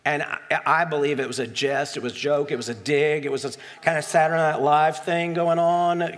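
Male pastor with a slightly high voice, reading scripture and explaining it in a relaxed, off-the-cuff way. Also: moderate pace, few pauses. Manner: casual, digressive, with self-deprecating asides.

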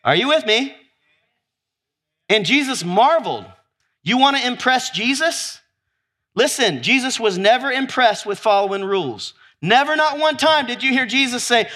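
Lively high-voiced animated male preacher. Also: normal speed. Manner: exuberant, acts out scenes with whoops and laughter. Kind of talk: animated sermon with audience call-and-response.

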